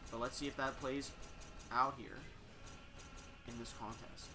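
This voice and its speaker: His voice is medium-pitched, fairly flat, and a little slow. He's a host and commentator doing casual fight commentary and story reading, profane and full of filler words like "like" and "uh."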